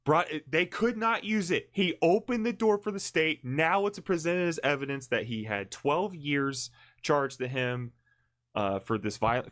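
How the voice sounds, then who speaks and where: A man's voice: medium pitch, a bit bright. A man co-hosting a livestream, telling a long story in casual chat, rambling and blunt, with lots of restarts, self-corrections and swearing. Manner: blunt and profane. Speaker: livestream co-host. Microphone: streaming mic.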